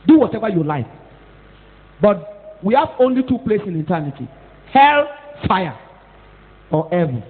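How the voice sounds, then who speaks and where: A Nigerian-accented woman pastor preaching a scolding, animated sermon, mixing in Pidgin and Yoruba and rising to shouts at times. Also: mid-range voice, measured pace, pauses often. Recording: tinny phone-like echoey hall.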